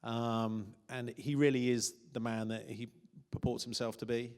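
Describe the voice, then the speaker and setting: A male film director on a press panel, speaking haltingly with many pauses and restarts. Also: mid-range voice, level tone, a little mellow, clean tone. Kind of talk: press-conference remarks. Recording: echoey press hall.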